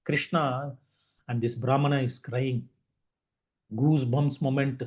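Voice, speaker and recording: Animated spiritual teacher. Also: male voice, medium pitch, a little slow, pauses often. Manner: animated storytelling with Indian English phrasing. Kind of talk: devotional discourse.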